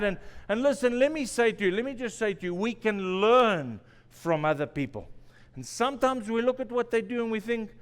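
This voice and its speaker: A man with a high, smooth, resonant voice preaches to his congregation, telling personal stories with a joking, self-deprecating touch and repeating key phrases. His words ring out through a church with a long, echoing reverb. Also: animated, moderate pace. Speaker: pastor. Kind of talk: sermon. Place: church sanctuary.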